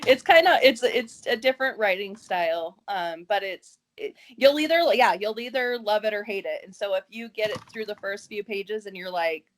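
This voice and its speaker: A woman's voice: mid-range voice, expressive, normal speed, few pauses. A woman in her thirties hosting a casual interview, chatty, laughing often and restarting her sentences. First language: English. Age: 30s.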